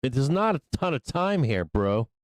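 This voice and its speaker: A man hosting a live trading stream, swearing and impatiently yelling at the price chart, with excitable bursts and frequent laughs. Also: mid-range voice, moderate pace, dry recording. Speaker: live trading show host. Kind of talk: live-stream market commentary.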